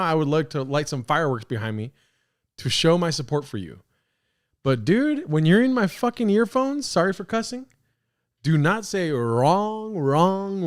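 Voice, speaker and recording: A young man hosting a podcast, ranting casually with profane mock outrage while reacting to a clip. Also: a little high. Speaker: podcast host.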